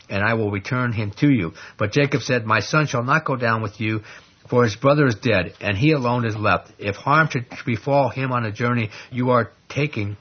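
A man's voice: mid-range voice, breathy edge, dull audio. A man teaching a Bible study, reading scripture aloud and explaining it in a conversational way, often asking the class questions. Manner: conversational, asks the class questions, many fillers.

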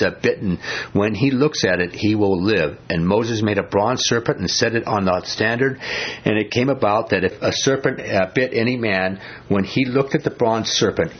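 A man preaching a sermon in a conversational way, asking his listeners questions and going low and slow when he quotes scripture. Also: husky. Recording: dull lo-fi recording.

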